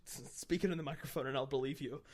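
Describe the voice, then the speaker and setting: A man's voice: mid-range voice, steady tone, fast talker, crowd noise. Jokey man hosting a podcast. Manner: jokey, laughs often. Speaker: podcast host. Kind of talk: casual podcast banter.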